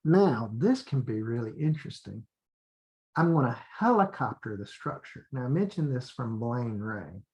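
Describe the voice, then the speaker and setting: A man, an English teacher, explaining classroom methods in a relaxed training talk, repeating drill phrases and restarting often. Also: mid-range voice, normal speed, muffled recording.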